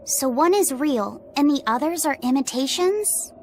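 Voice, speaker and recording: An actress voicing an earnest, gentle young boy in a video game, curious and soft-spoken. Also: sits high, expressive, measured pace, soft background music.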